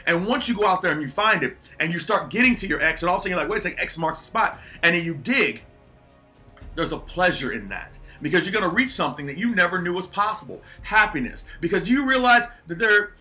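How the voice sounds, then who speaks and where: Male motivational speaker, earnest and preachy, ringing bright tone, light music bed. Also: high-pitched, expressive, fast. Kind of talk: motivational talk.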